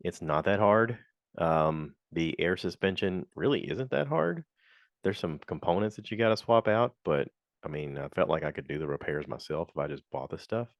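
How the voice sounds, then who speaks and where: A man hosting a podcast, telling a frank, animated story in a casual monologue and complaining as he goes. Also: low-pitched, moderate pace, dry recording, muffled recording. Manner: animated, slips into quoted voices. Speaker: podcast host.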